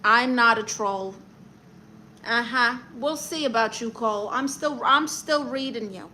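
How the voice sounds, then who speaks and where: A woman's voice: on the high side, unhurried, bright, forceful tone, a little hiss or hum. A woman with a Brooklyn accent hosting a comic livestream. She reads viewer comments and gives blunt, sassy advice, calling people honey.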